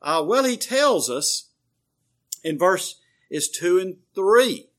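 A man preaching a sermon, explaining scripture in a measured, teaching way with frequent pauses and fillers. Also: high-pitched, sing-song, fairly bright tone.

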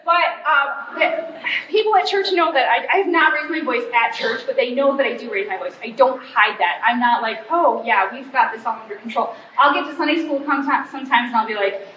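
A woman's voice: a little high, brisk, sharp tone, a little hiss or hum. A woman in her forties, a pastor's wife, giving a chatty, self-deprecating church talk and acting out bits of family dialogue. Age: 40s. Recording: roomy, slightly muffled hall recording.

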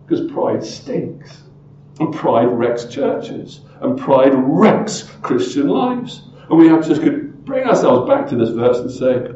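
A man preaching a sermon as pastor, emphatic and full of rhetorical questions, often swinging from loud to hushed. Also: mid-range voice, very animated, takes it slowly, roomy sound, muffled recording, a little hiss or hum.

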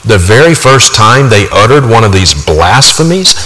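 A man preaches with a low, forceful, bright-edged voice that presses hard on each point. His words ring out with a long reverb, as if spoken in a large hall. He hammers his points home with emphatic repetition. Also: big pitch swings, normal speed. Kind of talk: sermon.

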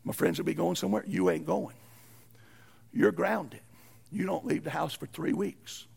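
Gravelly preacher man with a high voice. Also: moderate pace. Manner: preaching with sudden loud shouted peaks and hushed drops; folksy, uses ain't and y'all. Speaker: pastor. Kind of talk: sermon.

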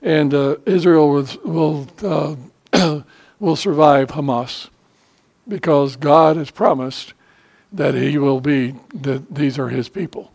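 Older male pastor, a touch high in pitch, preaching in an easy, halting style that swells into emphasis. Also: creaky, darkish tone, husky. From United States. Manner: conversational preaching, frequent filler pauses, emphatic rises. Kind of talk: sermon.

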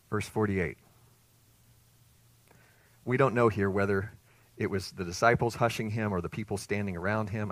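A man preaching a sermon as pastor, animated, swinging between quiet and loud. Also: fairly low pitch, no echo.

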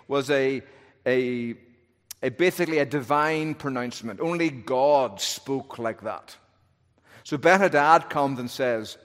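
A man's voice: medium pitch, measured pace, a bit bright. Male preacher, medium voice, wry storytelling sermon, church hall echo. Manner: storytelling with wry humor and shifting emphasis. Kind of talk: expository sermon. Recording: long hall reverb.

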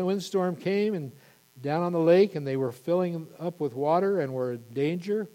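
A male pastor preaching an impassioned sermon, building to loud emphatic peaks. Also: on the high side, moderate pace, big-room sound.

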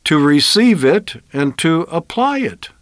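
A man's voice: on the high side, sing-song, unhurried, dry recording, studio quality. A man giving an earnest, emphatic Bible sermon on the radio, often asking rhetorical questions. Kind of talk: broadcast sermon.

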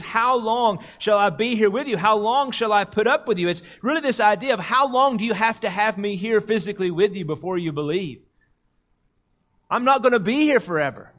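Earnest male preacher, rather high voice. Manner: earnest, slows and softens on quoted prayers and scripture; rises in pitch and volume when stressing a point. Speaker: pastor. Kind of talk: sermon.

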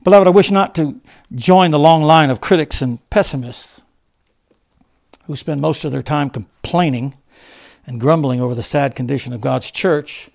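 A man preaching a sermon, rising to loud fervent emphasis and then dropping to low, quiet stresses. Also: normal speed, creaky. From United States.

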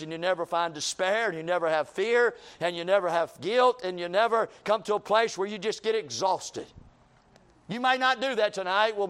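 A man's voice: high voice, fairly bright tone. A man preaching a sermon in church, acting out the despairing talk of ordinary people.

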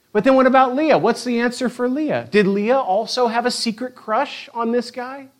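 A high-pitched male pastor gives a lively sermon, retelling the story with playful energy. His voice sits high, and he slips into acted-out quotes as he goes.

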